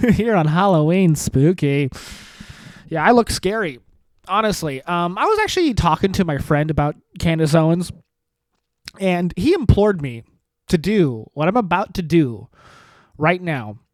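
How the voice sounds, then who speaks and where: A male comedy podcast host rambles alone through dark, self-mocking jokes, his pitch swinging up and down with lively expression. He drops sarcastic asides in a loose monologue. The sound is dry and close, with no room echo. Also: a little slow.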